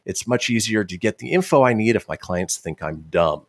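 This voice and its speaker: A man's voice: lowish voice, moderate pace, no room sound, studio quality. A man hosting a radio show, chatting casually and reading out listener messages with chuckles. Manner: lively, chuckling storyteller.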